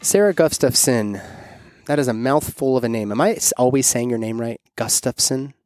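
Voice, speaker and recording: A man's voice: medium pitch, normal speed, a little mellow, soft background music. A man hosting a podcast interview in a casual, playful and teasing way. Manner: playful, teasing, laughs easily. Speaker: podcast host.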